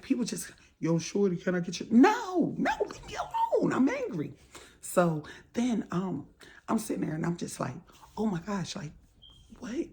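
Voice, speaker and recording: A woman's voice: low-pitched, darkish tone, slight background noise. A woman in casual storytime vlog style, animatedly acting out both sides of an argument. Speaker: storytime vlogger.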